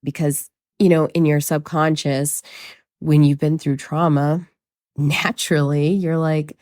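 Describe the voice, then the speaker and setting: A woman's voice: low voice, level tone, measured pace, a little mellow, no room sound, studio quality. A woman hosting a podcast as a trauma coach, talking candidly and casually with lots of swearing and self-mocking humor. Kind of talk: casual confessional monologue.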